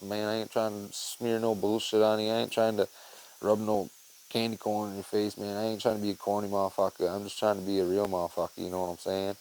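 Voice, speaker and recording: A man's voice: on the low side, gravelly, a little mellow, low-quality recording. A young man hosting his own podcast, talking in a rambling, profane, heartfelt way with lots of fillers. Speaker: podcast host. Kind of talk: casual monologue.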